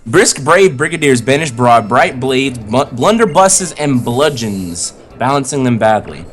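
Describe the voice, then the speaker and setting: A man's voice: mid-range voice, sing-song, unhurried, soft background music. A man hosting a casual livestream with friends, reading tongue twisters aloud, laughing a lot and swearing when he trips up.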